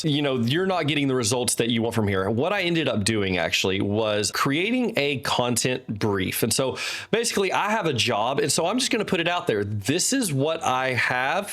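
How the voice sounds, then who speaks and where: A man's voice: medium pitch, a bit bright. A man, an author and host, walking through a website in loose, unscripted talk at his desk. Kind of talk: casual screen-share walkthrough. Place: desk with teleprompter.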